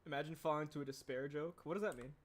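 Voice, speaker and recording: Talking very fast in a steady tone, this young animator streams his work live with a voice on the high side. He rambles casually, reads out chat messages, and clears a throat that keeps tickling.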